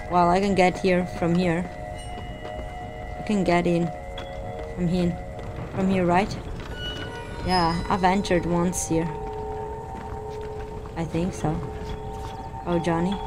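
Female let's-play streamer; slow, jumpy, exclaiming; game music mixed in. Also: lowish voice. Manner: jumpy, excitable, gasping and exclaiming. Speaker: gaming streamer.

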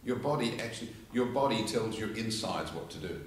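An Australian man teaches public speaking to a live audience, and he tells stories and acts out the people in them. His voice sits a little low. It sounds like an echoey hall picked up from some distance away. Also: brisk, a little hiss or hum. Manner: animated storyteller, acts out quotes and laughs along. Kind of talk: informal lecture with demonstrations.

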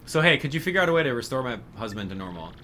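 A man's voice: mid-range voice, very animated, racing, pushed and bright, slight background noise. A man reading the lines of a worried village mother from a video game in his own plain voice.

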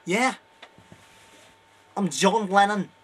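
A man's voice: sits high, very slow, husky, voice pushed up, full character voice. Young man playing a 1960s Liverpool pop star, put-on Liverpool accent, laid-back, drawling.

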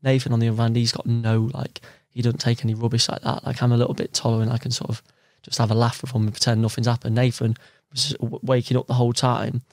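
A man's voice: medium pitch, little pitch movement, fast talker, darkish tone, no room sound, studio quality. A young man, chatting casually as a podcast guest and telling stories with quoted voices. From London. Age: young adult. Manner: easygoing storyteller who acts out quoted people. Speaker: guest angler.

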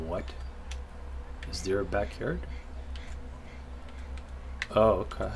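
A man's voice: mid-range voice, lively intonation, slow, a little hiss or hum. A man doing casual, foul-mouthed let's-play commentary, joking and talking to himself and the game. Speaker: gaming video host.

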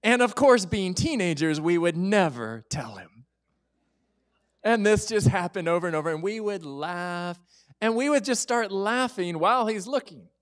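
A pastor preaches in a church, and his voice sits high for a man. He tells the story with plenty of drama, acting out the people in it. He drops to a whisper at the key moments. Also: animated, normal speed. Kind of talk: sermon.

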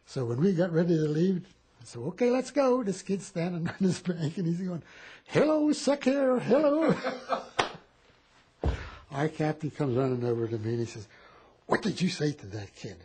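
Man in his eighties, very husky, mellow dark voice, lively rambling storyteller. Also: a little high, fairly quick. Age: 80s. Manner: rambling, animated storytelling with repeated phrases. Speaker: war veteran interviewee. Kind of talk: telling war stories in a home interview.

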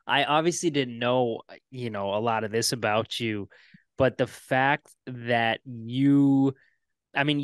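Casting: reflective male host, mid pitch, measured delivery, dry close mic. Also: clean tone, no room sound. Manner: reflective, measured, speaks at length. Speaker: podcast host. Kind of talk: interview conversation.

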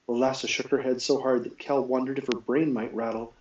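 A man reading a novel aloud live, telling it at a steady pace with small self-corrections. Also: medium pitch, a little fast, far from the mic, highs cut off. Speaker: reader.

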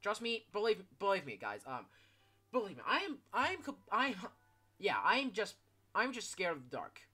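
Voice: medium pitch, very animated, normal speed, pushed and bright, breathy edge. A fourteen-year-old gaming YouTuber giving casual gameplay commentary, rambling with lots of fillers and casual swearing.

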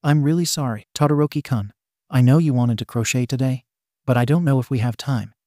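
A man's voice: mid-range voice, fairly quick, dark tone, no echo, studio quality, natural voice. A man voicing an earnest, flustered teenage boy student who stammers a little, in a fan-fiction audio reading.

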